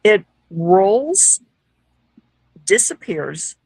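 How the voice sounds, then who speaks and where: A woman's voice: mid-range voice, very slow, slightly rough, no echo, low-quality recording. A woman guest who is a paranormal investigator, telling a story casually and acting out quoted dialogue. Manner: lively, acts out quoted dialogue.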